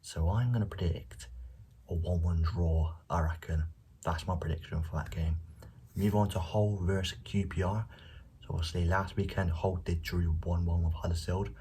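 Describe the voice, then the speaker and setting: A young man casually giving football predictions on his channel, speaking quietly and at times near a whisper, recorded at home late at night without a proper microphone. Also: deep voice, fairly even intonation, moderate pace, slight background noise. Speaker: football vlogger. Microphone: no dedicated microphone.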